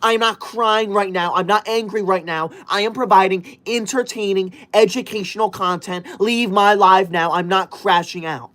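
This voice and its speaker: Loud, bossy man scolding his chat. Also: high voice, moderate pace, few pauses. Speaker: livestreamer in a strict teacher persona. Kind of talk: comedic livestream reading viewer comments.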